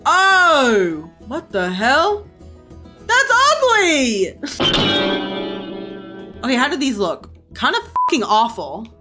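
A young woman streamer giving casual gameplay commentary, excitable, gasping and swearing freely. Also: fairly high pitch, slow pace, pauses often, over loud music.

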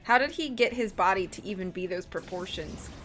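Give me a bubbly, excitable young woman talking casually on a live stream. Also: medium pitch, fairly quick. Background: faint game music.

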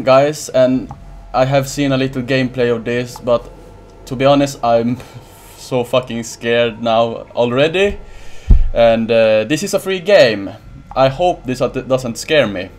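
A man giving nervous let's play commentary on a horror game, swearing and laughing nervously. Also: mid-range voice. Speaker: gamer.

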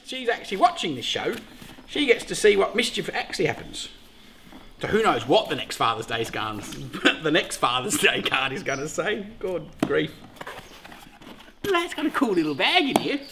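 A middle-aged Australian man with a high, bright voice hosts a casual vlog. He jokes around, gets excited easily and swears without a second thought. His pitch swings up and down a lot as he talks. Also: slight background noise. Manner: jokey, excitable, swears freely. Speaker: beekeeper host.

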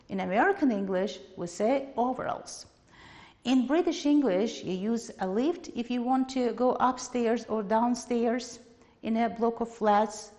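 A woman teacher with an Azerbaijani accent, giving a lesson in English in a lively, emphatic way and repeating words for her students. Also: on the high side. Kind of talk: televised classroom lesson. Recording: long hall reverb.

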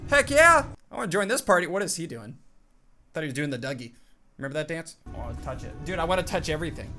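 A young man giving jokey, excited commentary as he plays a game, chatting to his companion and yelping at scares. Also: sits high. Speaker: gaming YouTuber. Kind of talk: excited let's-play commentary.

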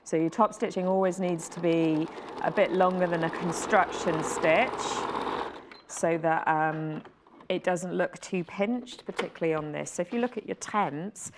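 Welsh lady showing how to sew a jacket on tv, lowish voice, chatty, bit of faint hiss. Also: a little slow. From Wales. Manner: explains step by step, chatty, laughs easily. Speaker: sewing presenter. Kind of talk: live shopping TV sewing demonstration.

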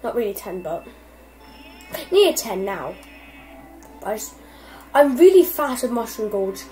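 A young woman giving casual, excitable commentary over gameplay and swearing constantly at her opponents. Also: fairly high pitch, a little slow, low-quality recording. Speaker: gamer. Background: faint game music.

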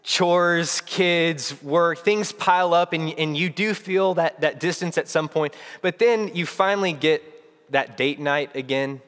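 This young preacher has a fairly bright, higher voice and speaks a little slowly. Addressing his church in an earnest, reflective sermon, he often starts phrases over, while the sanctuary's long reverb fills the recording.

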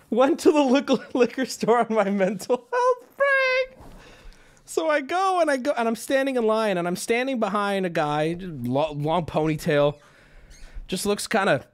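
Animated man telling a story. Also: high voice. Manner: animated, laughing, swearing, acting out voices in a story. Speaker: streamer. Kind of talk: casual storytelling to chat.

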